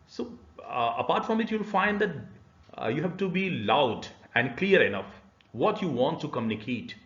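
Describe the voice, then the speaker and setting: A man's voice: fairly high pitch, sing-song, normal speed, fairly bright tone. A man giving a recorded university e-learning lecture, explaining patiently with many "uh" fillers. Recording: roomy, slightly dull lecture recording.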